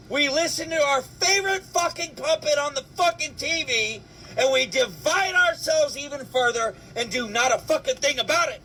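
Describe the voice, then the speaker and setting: A man vents his anger straight to camera in a very high, sharp voice. He swears and fires off one rhetorical question after another, sometimes breaking into shouts. A faint hum of traffic sits behind him. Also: poor audio. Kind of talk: angry rant to camera.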